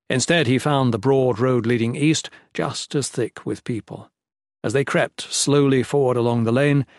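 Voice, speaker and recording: Reading a fantasy audiobook, this medium-pitched male narrator keeps a steady, measured pace. The recording is dry, with clean studio sound.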